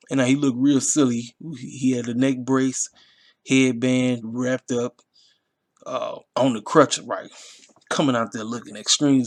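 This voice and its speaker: A man with a voice at a middle pitch, talking in a loose, casual rant. He sounds exasperated and animated, repeating himself and jumping high in pitch when he gets outraged. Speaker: wrestling show reviewer.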